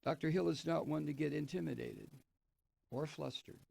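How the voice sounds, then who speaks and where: Gravelly guy ranting political radio talk, sarcastic and cursing, dry close mic. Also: fairly high pitch, moderate pace, darkish tone, no echo. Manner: sardonic, profane ranting. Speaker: radio talk show host. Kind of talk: political commentary, reading and remarking on an article.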